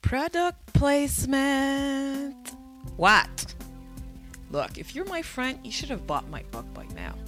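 A woman's voice: high voice, big pitch swings, takes it slowly, a bit bright, soft background music. A woman hosting a podcast, telling stories in a chatty, self-mocking way with playful jokes. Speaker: podcast host. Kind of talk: casual podcast chat.

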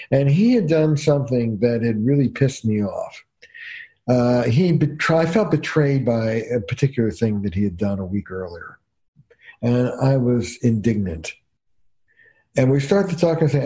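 An older New Jersey man who works as a couples therapist tells stories on a casual podcast. He speaks at medium pitch and normal speed, in an animated, emphatic way.

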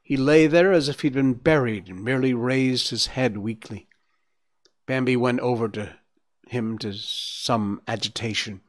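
A man narrating a storybook in a measured, dramatic reading. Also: medium pitch. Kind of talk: audiobook reading.

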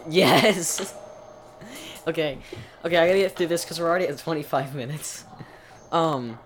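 A man's voice: fairly high pitch, moderate pace, crowd noise. A man co-hosting a podcast, chatting casually and rambling through explanations with many restarts. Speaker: podcast co-host. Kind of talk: casual chat.

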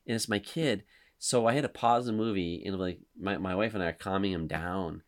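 A man's voice: low voice, fairly quick. A man in his thirties hosting a casual podcast chat, telling stories animatedly and acting out quotes. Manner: animated storyteller, acts out quotes loudly. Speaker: podcast host.

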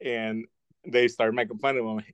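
A man from southeastern Oklahoma co-hosting a podcast, explaining things thoughtfully with slow restarts. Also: medium pitch, dry recording, dull audio. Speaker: podcast co-host. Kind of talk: casual discussion.

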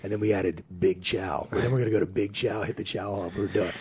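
A man's voice: sits low, fast talker, a little hiss or hum. A man, a former Navy officer, telling stories casually and animatedly on a podcast, acting out what others said. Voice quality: husky. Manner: animated, acts out quoted remarks in his telling. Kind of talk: casual storytelling. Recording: dull lo-fi recording.

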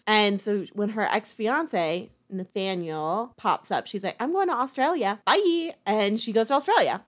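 A woman casually retelling a movie plot, chatty, with quick asides and little acted-out quotes. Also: medium pitch. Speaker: movie recapper.

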